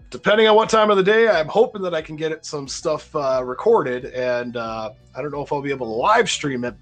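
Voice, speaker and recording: A man with a Minnesota accent hosting a casual gaming podcast, rambling and repeating words as he talks. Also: mid-range voice. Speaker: podcast host.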